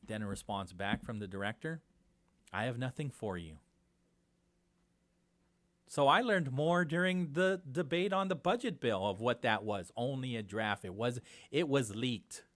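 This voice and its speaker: A man with a Guam accent hosting a casual morning radio talk show, animated and indignant, moving between quiet asides and loud outbursts in a studio. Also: medium pitch, unhurried.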